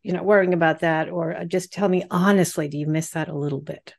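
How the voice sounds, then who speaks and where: A woman host asks her guest curious questions, restarting her phrasing with care. Her voice is fairly low in pitch. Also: steady tone, fast talker, vocal fry, darkish tone. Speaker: podcast host. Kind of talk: interview conversation.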